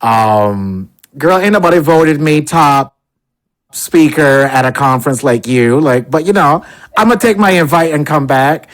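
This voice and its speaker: A man's voice: a little high, expressive, measured pace. A man hosting a podcast, talking casually in a flamboyant, sassy way with some playful cussing. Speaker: podcast host.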